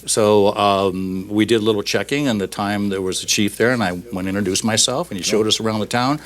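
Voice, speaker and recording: An older man, a retired police chief, chatting casually as co-host on a local TV show and telling jokes with lively voices. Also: on the low side, brisk, few pauses. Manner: animated storyteller doing funny voices in jokes. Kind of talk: casual chat and joke telling. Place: TV studio.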